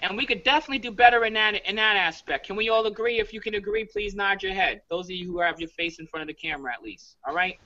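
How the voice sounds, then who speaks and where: A man from New York coaching his team on a video call, talking quickly and emphatically and checking in with "all right?" again and again. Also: sits high, pushed and bright, dull audio. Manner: fast, emphatic, repeats "all right?" often. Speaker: leadership coach.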